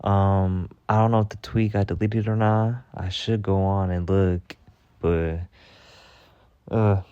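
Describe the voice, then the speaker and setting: A man's voice: warm tone, dry recording, highs cut off. A man telling a gossipy work story in a casual monologue, acting out other people's lines. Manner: chatty, gossipy, acts out quotes with rising pitch. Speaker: storytelling vlogger.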